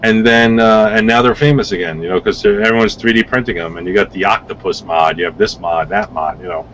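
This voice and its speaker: A man on a podcast as a guest vape reviewer, rambling through casual stories with lively acted-out quotes and some swearing. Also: on the low side, fairly quick, slight background noise, low-quality recording. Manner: rambling, animated storytelling with swearing.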